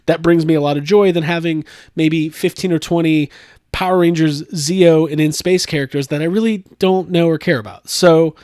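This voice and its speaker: A man hosting a casual chat, rambling with lots of fillers and animated jumps in tone. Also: a little high, normal speed, clear, resonant tone, no echo, clean studio sound. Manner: rambling, animated, laughs often. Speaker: podcast host.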